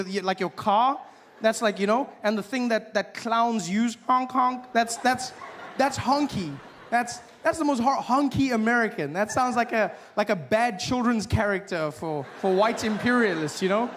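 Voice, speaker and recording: A man from South Africa performing a stand-up comedy routine, animated and acting out characters in excited voices. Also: extremely high pitch, moderate pace.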